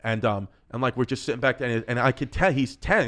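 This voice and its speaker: A man tells rowdy family stories on a podcast in an animated, swearing way. His voice sits at a middling pitch. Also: fast. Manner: animated, swearing, breaks into laughter. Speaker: comedian. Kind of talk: storytelling on a podcast.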